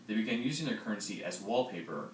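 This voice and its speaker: A teenage boy reading a school history project in a plain, steady way. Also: lowish voice, fast talker. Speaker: student presenter. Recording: roomy, distant mic, faint noise.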